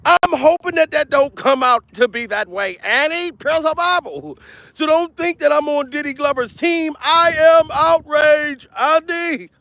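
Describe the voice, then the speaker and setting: A man doing a loud, profane comedic commentary vlog, repeating himself and laughing between rants. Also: very high voice, a little slow, vocal fry, no echo. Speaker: comedian vlogger. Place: outdoors.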